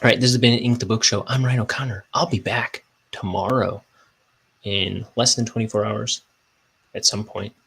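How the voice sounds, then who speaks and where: A man's voice: fairly low pitch, fairly even intonation, normal speed, creaky, fairly bright tone, breathy edge, rough recording. A man who is a cartoonist, chatting casually and self-mockingly while he inks his comic on a livestream. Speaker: cartoonist streaming his inking.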